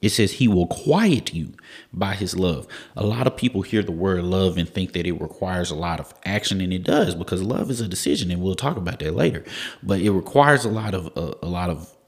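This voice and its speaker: A man's voice: deep voice, expressive, a little fast, slightly rough. A man giving an informal Bible devotional, repeating key lines for emphasis and using casual slang. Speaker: preacher.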